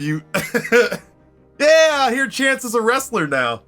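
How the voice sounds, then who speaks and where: A man streaming a game, telling a story in a casual, animated way, swearing freely and laughing often. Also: very high-pitched, slow pace, faint music behind.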